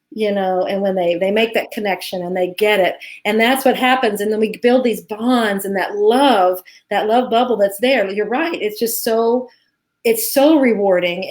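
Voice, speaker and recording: A woman's voice: medium pitch, darkish tone. A woman co-hosting a live Q&A, talking in an earnest, heartfelt way with many restarts. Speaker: co-host, teacher. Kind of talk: live Q&A chat.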